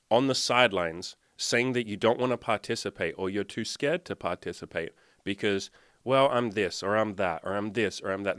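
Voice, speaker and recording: A man's voice: on the low side, a bit bright, dry recording, studio quality. A man, working as a dating and life coach, delivering a blunt, swear-filled motivational rant while sharing his screen. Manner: blunt, swearing constantly, fired up. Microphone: desktop mic, sharing screen.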